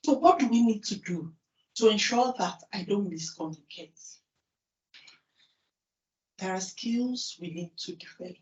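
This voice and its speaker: A woman with a Nigerian accent gives a talk from a stage and keeps firing questions at the crowd. Her voice is picked up from a distance in an echoing hall. The sound is muffled and lacks crispness. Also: mid-range voice, unhurried, long pauses. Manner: lively, asks the audience questions and answers them herself. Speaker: conference speaker. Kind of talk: conference talk. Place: large conference hall. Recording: distant, roomy, dull hall recording.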